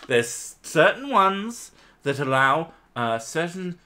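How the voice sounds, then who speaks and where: A man at home trading profane, argumentative banter with his wife in a casual chat. His voice sits at an ordinary pitch for a man but has a notably bright, forward edge. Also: sing-song, a little slow. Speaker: channel host.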